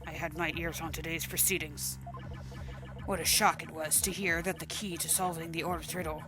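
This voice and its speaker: A woman's voice: deep voice, fairly even intonation, moderate pace, over music, lightly acted. A woman voicing a mysterious male villain who speaks through a voice changer, with a cold, controlled and menacing manner, in a spoken game playthrough.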